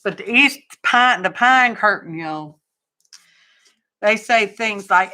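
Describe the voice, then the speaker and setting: A woman's voice: medium pitch, lively intonation, takes it slowly, long pauses, pushed and bright. A woman with a Texan accent, hosting a livestream and chatting casually in a rambling, folksy way. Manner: rambling, folksy storytelling with asides. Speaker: livestream crafting host.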